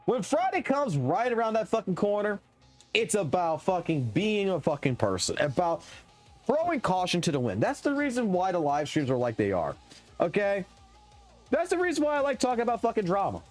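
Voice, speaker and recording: Man, game streamer, live rant, heavy swearing, high voice, faint music behind. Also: normal speed. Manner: heavy swearing, animated and excitable. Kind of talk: profane live stream rant while gaming.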